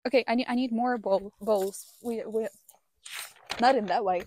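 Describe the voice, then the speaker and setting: A woman's voice: on the high side, moderate pace, background noise. A young woman who is not a native English speaker, chatting casually to camera outdoors by a campfire, often exclaiming and repeating words. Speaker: vlogger. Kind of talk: casual vlog talk to camera.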